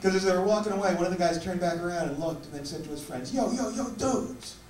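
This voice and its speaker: A man performing stand-up storytelling on a theater stage, wry and measured. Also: high-pitched. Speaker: stand-up comedian. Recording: echoey live theater from far off, loud noise.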